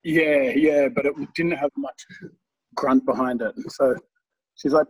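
A man's voice: medium pitch, steady tone, normal speed, a little mellow, slightly rough, distant mic, rough recording. A man telling rambling stories in casual chat, swearing freely and laughing at his own tales.

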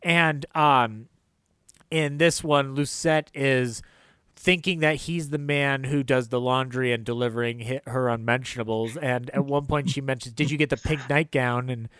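A man co-hosting a casual film podcast, animated and quick to laugh, acting out quotes in a higher voice. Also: smooth, no room sound, studio quality. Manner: animated, laughs often, acts out quotes in a high voice. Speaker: podcast co-host discussing old films. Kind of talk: casual chat.

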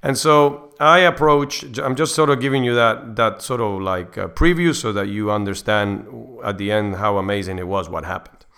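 A man's voice: on the low side, moderate pace, bright, forceful tone, clear, resonant tone. A middle-aged man hosting a faith podcast, earnestly telling a personal story in a rambling way, with frequent restarts. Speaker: podcast host.

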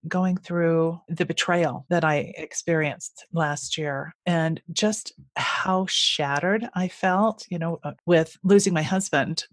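A woman's voice: sits low, slow pace, hardly any pauses, no room sound. A woman hosting an interview, emotionally open and asking probing follow-up questions. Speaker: interview host. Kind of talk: conversational podcast interview.

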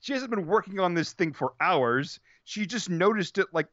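An incredulous man rants in a bright, lively voice, swearing and tripping over his words in disbelief. He is recorded dry and a bit dull on a home podcast mic. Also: sits high, normal speed, no room sound. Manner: incredulous, profane ranting with repeated restarts. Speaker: podcast co-host. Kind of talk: casual movie discussion.

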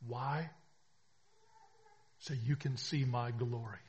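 A man preaching a sermon as pastor, swinging between hushed reflection and emphatic, rising declarations. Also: mid-range voice, measured pace, pauses often, slightly rough.

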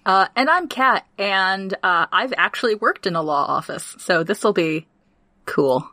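A woman's voice: medium pitch, expressive, measured pace, bright, forceful tone, dry recording. A woman co-hosting a podcast in casual comedic chat, teasing and swearing freely. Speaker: podcast co-host.

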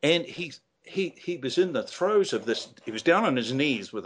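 A man's voice: medium pitch, lively intonation, normal speed, few pauses, husky. Older man, interview guest, hesitant, rambling storyteller. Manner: rambling, hesitant, many fillers and restarts.

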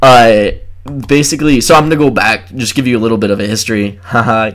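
A man chatting on a casual podcast, walking through a history topic in a loose, rambling way. He fills gaps with "like" and "uh" and keeps breaking into laughter, at an everyday middle pitch. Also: fairly even intonation, quick pace, fairly bright tone. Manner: rambling, many fillers and laughs. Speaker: podcast co-host.

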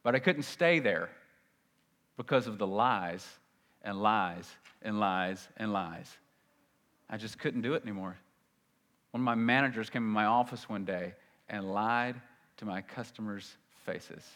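Male pastor, sermon delivery, bright forceful tone, swings from loud to hushed, long hall reverb. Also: on the low side, a little slow, long pauses. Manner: conversational, shifting between loud emphasis and quiet asides.

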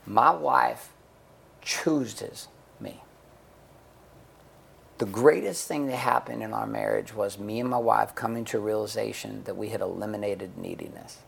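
A man's voice: on the low side, fairly even intonation, a little slow, creaky, a little hiss or hum. A middle-aged man speaking bluntly and profanely in a candid interview, telling stories with acted-out quotes. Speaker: guest, men's coach and author.

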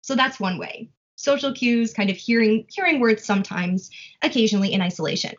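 A woman researcher in language learning explains her field in a relaxed conversation, reaching for examples as she thinks aloud. Her voice sits a bit high and carries some breathiness. The audio is dull and lo-fi, recorded at home. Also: brisk.

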